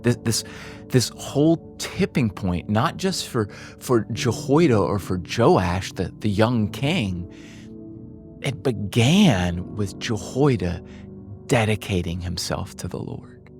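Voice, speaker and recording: Low-voiced impassioned male pastor. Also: lively intonation, takes it slowly, a little mellow, faint music behind. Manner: impassioned, stumbles and repeats words. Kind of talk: sermon. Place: church.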